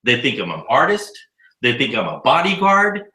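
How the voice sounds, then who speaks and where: A man in his fifties, an educator living abroad, telling stories in a casual, profane, animated way during an interview. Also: mid-range voice, moderate pace, reverberant, slight background noise, low-quality recording. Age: 50s. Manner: animated, profane storyteller acting out dialogue.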